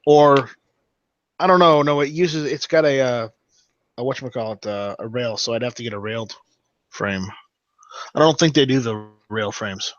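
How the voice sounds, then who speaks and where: A man co-hosting a casual podcast chat, halting and restarting his words. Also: medium pitch, dry recording. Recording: dry, dull lo-fi audio.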